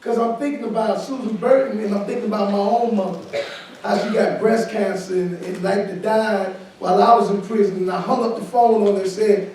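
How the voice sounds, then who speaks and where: A man's voice: high-pitched, fairly even intonation, fairly quick, darkish tone. A man who is a pastor, giving candid, informal remarks on a panel at a summit. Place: conference room at a summit. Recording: echoey hall, from far off.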